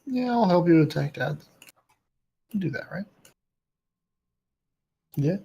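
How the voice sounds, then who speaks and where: A man's voice: a little high, expressive, slow, vocal fry, pauses often, mellow, slight background noise. A young man playing a tabletop game, earnestly and insistently explaining rules to another player. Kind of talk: casual tabletop play.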